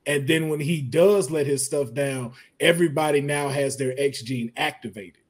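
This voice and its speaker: A man hosts a casual podcast conversation, talking animatedly in slangy everyday speech. His voice sits a little high and has a husky edge. Now and then he slips into playful impressions. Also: moderate pace. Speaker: podcast host.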